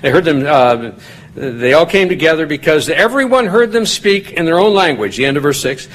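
A man's voice: fairly high pitch, animated, normal speed. A man preaching a conversational Bible study sermon in a folksy, digressive way, lifting his voice when he reads scripture aloud. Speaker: pastor teaching a Bible study.

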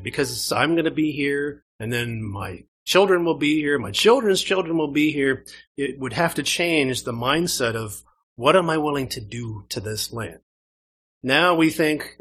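Canadian pastor with a bright voice. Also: male voice, mid-range voice, slightly rough. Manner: conversational preaching, asks the congregation questions. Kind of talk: sermon. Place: church.

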